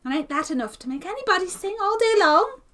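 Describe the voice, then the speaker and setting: A woman reading aloud and voicing a timid, gloomy young male barber's apprentice in a high, plaintive, weary voice. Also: lively intonation, unhurried, a bit bright, heavily acted. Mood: sarcastic.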